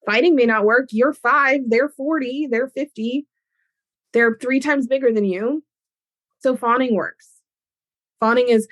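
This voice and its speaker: A woman hosting an educational podcast, explaining ideas in an animated way with everyday examples. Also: high-pitched, unhurried, pauses often, no echo. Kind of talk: teaching talk on a podcast.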